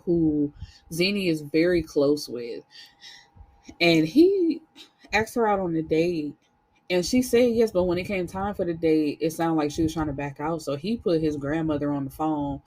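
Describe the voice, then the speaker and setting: A woman telling a book's story in a casual book review vlog, candid and animated, with frank swearing. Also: low voice, breathy edge, poor audio.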